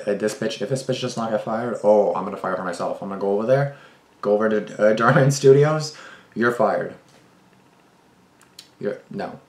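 A man's voice: on the low side, reverberant. A man hosting a reaction video, giving casual commentary with indignant, profane, rambling outbursts.

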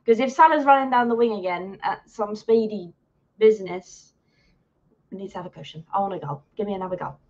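Woman yelling at the telly during a live watch-along, swears a lot, kinda muffled lo-fi audio. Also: medium pitch, brisk. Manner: excitable, swears and heckles the players and referee. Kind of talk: live match commentary. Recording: dull lo-fi sound.

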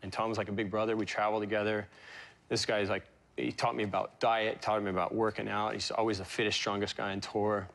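A man in his forties, a guest in an interview, telling personal stories in a halting, emotional way with many fillers and restarts. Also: lowish voice, flat delivery, creaky, fairly bright tone. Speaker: interview guest, pro surfer. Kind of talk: reflective interview storytelling.

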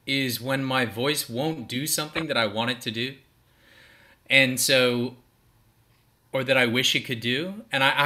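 A man's voice: mid-range voice, bright, forceful tone. A man voice actor on a panel, talking reflectively with hesitant fillers. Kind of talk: casual panel talk.

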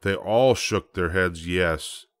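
An older man reading a children's storybook aloud, slow and gentle. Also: low voice, no room sound, studio quality. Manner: slow, gentle, measured narration. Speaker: storybook reader. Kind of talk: bedtime story read-aloud.

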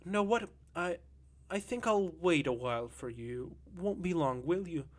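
A man's voice: on the high side, animated, a little slow, pitched above the performer's own voice. A man voicing a chatty, lanky middle-aged Russian man who talks in a plaintive, insinuating way.

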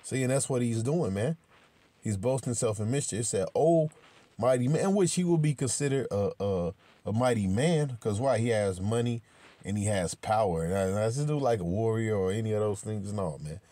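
A man giving informal, emphatic scripture commentary, talking with many repetitions and restarts, swearing freely and slowing down to read verses aloud. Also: lowish voice, expressive, warm tone, no echo. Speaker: religious commentator.

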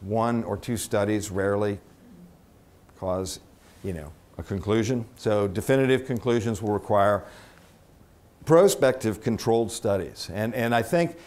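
A man giving a conference lecture as a veterinarian, chatty and halting with restarts, quizzing the audience. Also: on the low side, darkish tone. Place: conference room.

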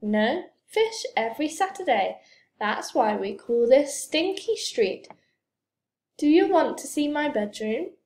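A woman's voice: high-pitched, sing-song, slow pace, a little mellow, exaggerated voice. A woman reading the lines of a cheeky, scheming young boy in a storybook, in an eager, pleading way. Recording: roomy echo.

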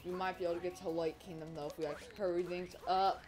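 Rambling low-voiced woman gamer. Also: fast talker. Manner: rambling, filler-heavy, excitable outbursts. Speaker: gaming channel host. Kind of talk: casual gameplay commentary. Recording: game music playing loudly behind. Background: game music.

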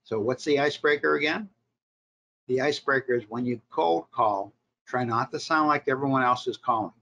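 Bright-voiced man teaching a sales workshop. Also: mid-range voice, normal speed, gravelly, dull audio. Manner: instructive, short punchy directives with rhetorical questions. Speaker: marketing professor leading a workshop. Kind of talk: recorded workshop lecture.

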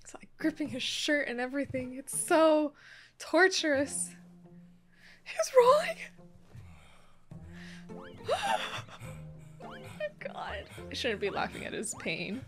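Excitable high-voiced woman reacting. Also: slow, pauses often, faint music behind. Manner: excitable, gasping, laughing and exclaiming often. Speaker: anime reaction channel host. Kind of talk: casual reaction commentary.

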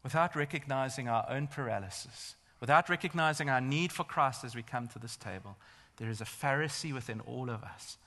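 In a large church hall with long reverb, a man preaches a sermon in a brisk, sharp, mid-range voice. He speaks emphatically and builds toward intense rhetorical questions.

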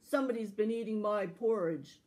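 A woman voicing a big, gruff father bear in a read-aloud fairy tale, in a loud, emphatic storytelling voice. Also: mid-range voice, moderate pace, close to an everyday voice. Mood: grumbling.

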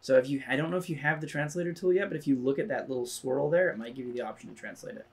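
A man's voice: mid-range voice, a crowd in the background. A man co-hosting a game playthrough, explaining what to do and where to look in a casual chatty way. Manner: quick, explanatory, feeds lines to his partner. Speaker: co-host guiding a game playthrough. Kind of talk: casual gaming chat with voiced character lines.

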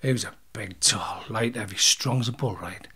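Here the voice sits low, at normal speed, with a bright, forceful and slightly rough tone. He's an interview guest recounting a fight in blunt, casual talk, cursing freely and miming each punch.

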